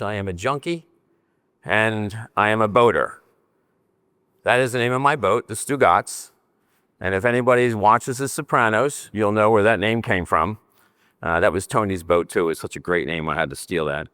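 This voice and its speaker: An older man from New Jersey delivers a conference talk in a lowish voice, animated and joking, gesturing as he speaks. The sound is dry and close, with no room echo. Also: moderate pace, smooth. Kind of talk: conference presentation.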